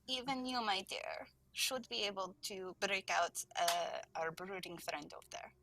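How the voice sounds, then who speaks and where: A woman voicing a composed, sorrowful female prisoner in a tabletop game, speaking in a hushed, conspiratorial way. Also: medium pitch, unhurried, a little hiss or hum.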